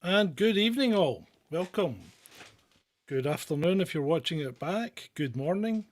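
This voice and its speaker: A man's voice: a little high, expressive, a little slow. A man hosting a live political show, chatting casually with many fillers and restarts.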